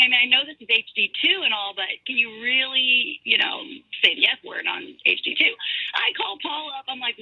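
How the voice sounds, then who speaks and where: Woman guest on a phone line, lively chatty storyteller, husky voice. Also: high voice, fairly quick, dry recording. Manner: chatty storyteller, animated quoting. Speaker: realtor guest. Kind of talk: casual radio chat.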